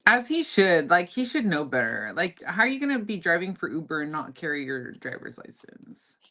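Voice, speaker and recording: A woman with a notably low voice chats with her viewers on a livestream. She sounds relaxed and easygoing, talking straight to the audience and calling them y'all. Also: normal speed. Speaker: livestream host. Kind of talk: casual livestream chat.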